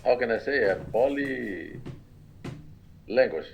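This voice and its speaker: A man's voice: medium pitch, expressive, slow pace, gravelly, a little hiss or hum, rough recording. A man with a Brazilian Portuguese accent, a student in an English conversation class, answering hesitantly as he searches for words.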